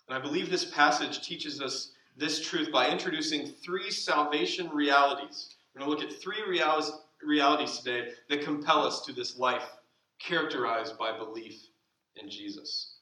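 A man delivers a sermon from the pulpit, his voice bright and ringing, stretching key phrases slowly and then letting them fall away quietly. The sound carries through a roomy church, picked up from some distance. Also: on the high side. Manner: slow deliberate emphasis, dropping to soft asides. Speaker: pastor. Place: church sanctuary.

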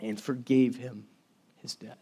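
A man's voice: mid-range voice, little pitch movement, measured pace, mellow, husky. A man preaching a sermon in a conversational, emphatic way, with frequent restarts and asides to the congregation. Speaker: pastor.

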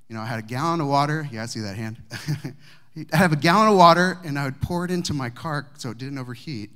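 A man preaching, a pastor telling a personal story to his congregation with humor and warmth of delivery. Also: medium pitch. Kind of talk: sermon storytelling. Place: church sanctuary with congregation.

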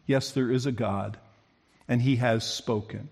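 A man preaching a sermon who acts out the quoted speakers with big swings in pitch and loudness. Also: steady tone, unhurried.

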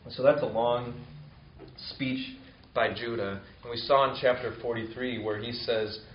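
A man giving a sermon, reading scripture aloud and then explaining it in a relaxed, conversational way with fillers. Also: mid-range voice, a little slow, slight background noise. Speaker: pastor. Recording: roomy, slightly dull sound with faint ambience.

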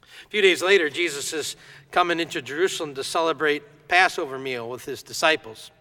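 Bright-voiced male preacher in a reverberant hall. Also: fairly high pitch, a little fast. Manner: lively storytelling, acts out quoted voices. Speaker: pastor. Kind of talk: sermon.

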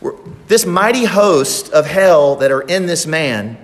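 A man's voice: a little high, animated, measured pace. A man preaching a sermon in a church, emphatic and repeating phrases for effect. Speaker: pastor. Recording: long reverb of a large hall.

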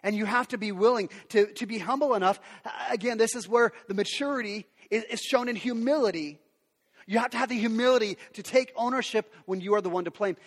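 Man, pastor, high voice, earnest conversational sermon, long echo of a big hall. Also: brisk. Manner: earnest, conversational preaching to parents. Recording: long reverb of a large hall.

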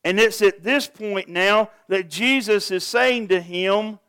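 A man's voice: high voice, slow, fairly bright tone, clean tone, no echo. A pastor preaching a sermon to his congregation, earnest and asking them direct questions.

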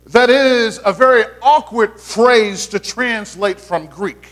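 Male pastor, high-pitched, chatty sermon delivery with restarts. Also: takes it slowly, hardly any pauses, fairly bright tone, soft background music. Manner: conversational preaching with playful asides and repeated restarts.

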